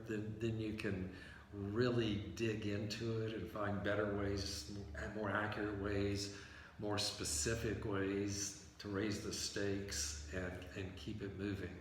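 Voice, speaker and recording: A man's voice: fairly low pitch, flat delivery, slow pace, recorded from a distance. A man talking as an interview guest about writing, explaining with acted-out example sentences. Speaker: novelist and playwright guest. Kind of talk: conversational interview. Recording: echoey room from afar, faint hiss.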